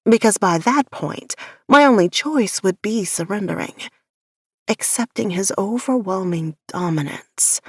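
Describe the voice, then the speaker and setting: Woman, audiobook narrator, first person, measured soft delivery, dry close sound. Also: medium pitch, animated, breathy edge, dry recording.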